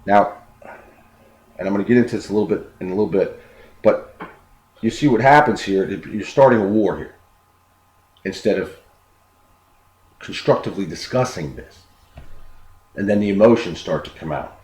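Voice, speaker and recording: A man with a lowish, somewhat dark voice gives an unscripted self-improvement talk at a moderate pace, pausing often. He's earnest, repeats words as he explains, and acts out quoted dialogue. The room is echoey with faint background noise.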